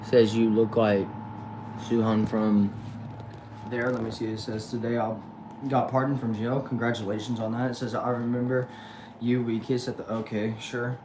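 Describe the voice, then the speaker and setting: A man with a Texan accent reading viewer comments aloud quickly on a casual livestream from a back shed, answering each with a short reply. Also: medium pitch, little pitch movement. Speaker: livestream host reading chat. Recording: noisy background hum.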